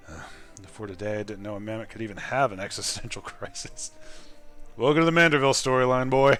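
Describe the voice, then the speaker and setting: Young male streamer, game reaction commentary, animated, bright voice, faint music behind. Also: fairly low pitch, a little fast. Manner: animated, laughs loudly.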